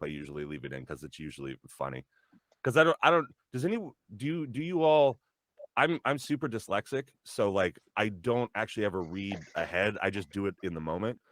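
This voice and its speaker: A man's voice: deep voice, no echo. A man who does voice acting, chatting casually in a rambling way, often restarting his sentences and laughing at himself. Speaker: voice actor. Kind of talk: casual chat.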